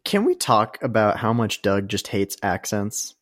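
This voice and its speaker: A podcast co-host in casual chat, wry and animated. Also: mid-range voice, unhurried.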